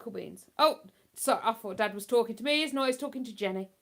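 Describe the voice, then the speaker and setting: A woman's voice: fairly high pitch, quick pace, vocal fry, a bit bright. A woman hosting a casual livestream from home, chatting in a rambling way and laughing easily. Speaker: livestream host. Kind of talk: casual live chat.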